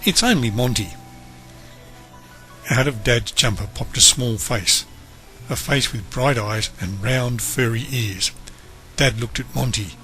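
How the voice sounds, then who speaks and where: A man reading a children's story aloud in an expressive, animated way. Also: medium pitch, measured pace, faint music behind. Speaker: storybook reader.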